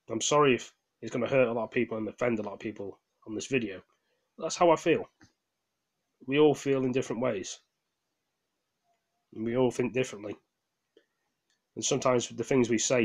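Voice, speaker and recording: A man vents in a rambling casual vlog rant. His voice sounds tired, and he talks in a heated way, swears, stumbles over restarts and apologizes to his viewers. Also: mid-range voice. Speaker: gaming vlogger. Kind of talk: casual ranting monologue.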